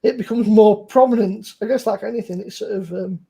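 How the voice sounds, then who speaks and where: A man's voice: sits high, a little fast, creaky, mellow, husky. A young man with a Bristol accent hosting a casual chat over beers, rambling, laid-back and swearing freely. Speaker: podcast host.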